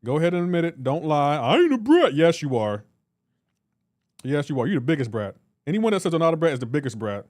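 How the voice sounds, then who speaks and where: A man's voice: on the high side, animated, quick pace, darkish tone, no room sound, studio quality. A man on a live reaction stream, teasing and bantering with his chat and laughing often. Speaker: livestreamer.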